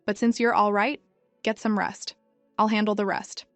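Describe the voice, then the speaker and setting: A woman voicing a cold, possessive male mafia boss who talks calmly and menacingly, over faint music. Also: mid-range voice, normal speed, no room sound, close to an everyday voice. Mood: cold, taunting. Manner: calm, menacing. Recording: dry, music faint behind.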